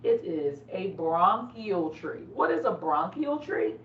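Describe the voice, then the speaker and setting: A woman nurse teaching children about lungs in a lively, playful way. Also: mid-range voice, takes it slowly, a little hiss or hum. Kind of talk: lesson for children. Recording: echoey, distant lo-fi room.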